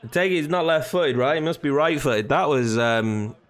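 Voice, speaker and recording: A young man talks through his football video game as he plays, chatty and easygoing, breaking into loud reactions when the action picks up. His voice sits a little higher than most men's. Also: expressive, moderate pace. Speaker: gaming YouTuber. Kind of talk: casual live game commentary.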